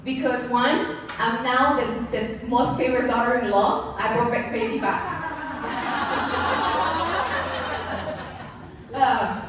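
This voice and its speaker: A woman's voice: a little high, slow pace, long pauses, noisy background. A woman in her thirties giving a candid, personal storytelling speech to an event audience, often laughing and turning to the crowd with asides. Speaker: keynote speaker. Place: large event venue. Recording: echoey hall mic from far off.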